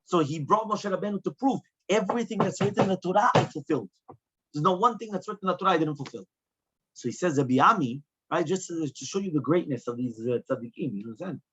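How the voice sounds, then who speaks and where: A man's voice: fairly high pitch, animated, fast talker, fairly bright tone, breathy edge, dull audio. A man teaching a Talmud lesson as a rabbi, asking rhetorical questions and moving between Hebrew and English. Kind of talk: Talmud lecture.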